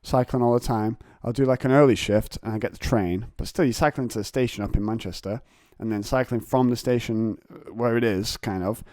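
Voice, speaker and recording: Mellow rambling English podcast man. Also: medium pitch, steady tone, a little fast, few pauses, no echo, studio quality. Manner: rambling, digressive, self-mocking. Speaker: podcast host. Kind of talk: casual solo podcast monologue. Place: home, on a couch.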